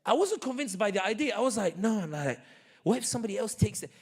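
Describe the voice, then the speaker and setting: A man giving an animated, joking community talk full of stories and quick asides. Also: sits high, husky. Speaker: guest speaker. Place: community center hall.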